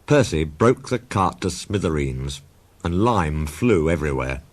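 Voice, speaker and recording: A man narrating a storybook in a measured, expressive reading voice. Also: very deep voice.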